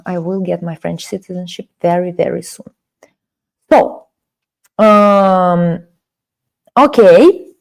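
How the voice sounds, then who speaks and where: On a live stream, a Kaliningrad-born Russian woman in her forties teaches Russian with a noticeable accent. She alternates between languages and voices the chat aloud, her medium-pitched tone slightly mellow.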